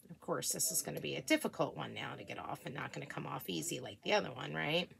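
A woman chatting casually in a craft vlog at home, gushing and excitable as she works. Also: deep voice, fast, vocal fry. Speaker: craft vlogger.

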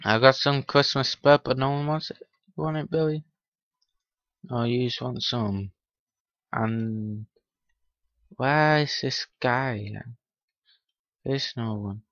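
A man talks slowly through a game session, muttering to himself and needling the characters on screen. His voice sits at a middling pitch. The recording is dull and lo-fi, with a dry, close sound. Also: fairly bright tone, no echo. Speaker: gaming channel host. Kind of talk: Minecraft let's-play commentary.

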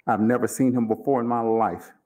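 A man reading aloud, voicing an angry trapped man who blusters, threatens and shouts his demands. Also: mid-range voice, level tone, brisk, lightly acted. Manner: shouting, indignant.

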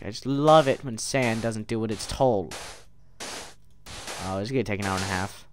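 A man's voice: mid-range voice, animated, unhurried, pauses often, fairly bright tone. A man rambling goofily through let's play commentary, with mild mock curses and silly tangents. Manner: rambling, goofy, mock cursing. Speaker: gaming video creator.

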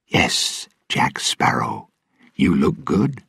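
Ghostly sailor, hushed and half-whispered, read by a husky man in a dry room. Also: extremely low pitch, big pitch swings, drawn-out words, no room sound, exaggerated voice. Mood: eerie. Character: ghostly male sailor covered in sea growth.

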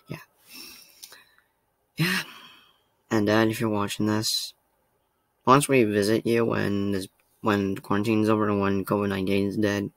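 A man's voice: fairly low pitch, fairly bright tone, dry recording. A man hosting a reaction vlog, talking casually to the camera in a rambling, emotional way and laughing at himself often. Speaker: reaction channel host. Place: home room.

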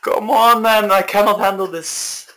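Slow-talking young man raging at a game. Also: sits high, poor audio. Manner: raging, yelling, slow exasperated talk with bursts of laughter. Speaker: gaming channel host. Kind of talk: gaming commentary.

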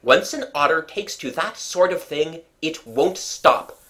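A woman reading as an indignant gentleman of a country house, loud and worked up, in a storybook reading. He fumes at every loss, with a raised, lively voice. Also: sits low, measured pace, soft background music. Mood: fuming. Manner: indignant, fuming. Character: agitated middle-aged country gentleman.

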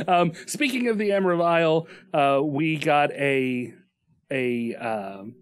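A man's voice: fairly high pitch, dry recording, clean studio sound. A man co-hosting a podcast in casual chat, joking and rambling with restarts and laughs. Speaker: podcast co-host.

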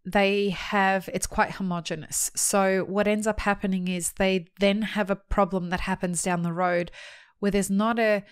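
A woman's voice: mid-range voice, steady tone, unhurried, clear, resonant tone, no room sound, studio quality. A woman hosting a podcast, conversational and a little teasing as she asks questions. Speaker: podcast host. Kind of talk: podcast interview and sponsor reads.

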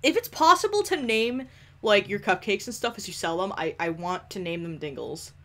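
A young woman giving casual, animated commentary over a life-simulation game, swearing often and scolding the characters. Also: medium pitch, normal speed. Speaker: gameplay commentator.

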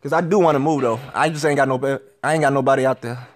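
A man's voice: mid-range voice, fairly even intonation, quick pace, dry recording, clean studio sound. A young man from Minnesota chatting on a phone livestream, slangy and swearing, rambling and repeating himself. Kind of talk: casual livestream chat with viewers. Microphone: phone camera. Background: faint TV audio.

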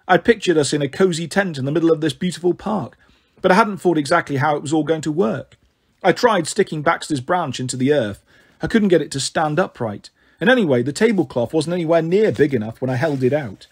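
Expressive male storybook reader. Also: a little high, a little fast, husky. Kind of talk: reading a children's book aloud.

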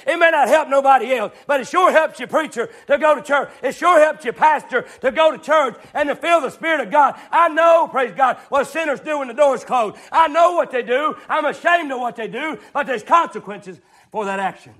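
High-voiced preacher shouting a fiery sermon. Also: male voice, fairly quick. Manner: repetitive, shouting refrains, folksy.

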